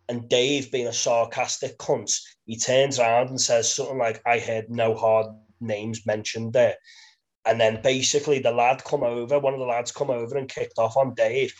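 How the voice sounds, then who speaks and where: A man with a Merseyside accent tells rambling, sweary stories in a casual chat. His delivery stays level and monotone, with laughter slipping into his sentences. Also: mid-range voice. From Birkenhead, England.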